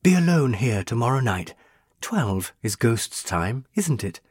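A man voicing a young female ghost, a burned witch, speaking in a pleading, tender and intense way with a husky voice. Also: medium pitch, very animated, a little slow, darkish tone, no echo, studio quality.

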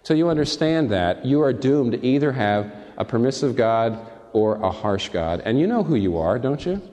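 Guy preaching a sermon, fired up, jumps high then drops real low, asks the crowd questions, big echoey hall. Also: big pitch swings, normal speed. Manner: impassioned, swinging from high emphatic peaks to soft low asides; addresses listeners directly with rhetorical questions. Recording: long reverb from a large hall.

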